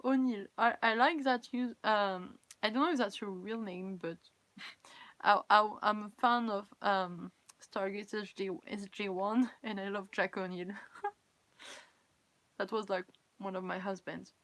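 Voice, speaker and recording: A woman's voice: medium pitch, steady tone, unhurried, fairly bright tone, dry recording. A tired young woman with a French accent, a native French speaker, chatting casually on a live stream. She giggles often, reads viewers' comments aloud, and runs herself down. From France. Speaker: cosplay livestreamer.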